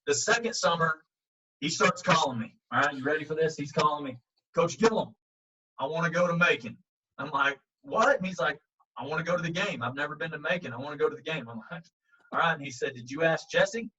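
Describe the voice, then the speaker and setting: Animated man coach telling a story. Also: fairly high pitch, fast talker, recorded from a distance. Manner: animated, acts out quotes, frequent fillers. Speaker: baseball coach. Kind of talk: casual storytelling in an interview. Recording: muffled audio, speaker set back from the mic.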